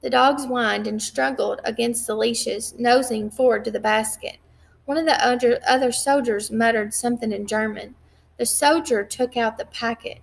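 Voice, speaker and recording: Lady reading a chapter book aloud, kinda high voice w a little gravel, restarts now and then. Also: steady tone. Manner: measured, occasional slips and restarts. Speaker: reader.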